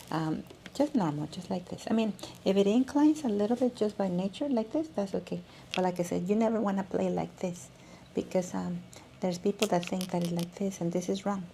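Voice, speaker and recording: A woman's voice: lowish voice, gravelly, mellow, a little hiss or hum. A woman teaching a music lesson, demonstrating as she talks and often restarting her sentences. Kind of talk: instructional video lesson.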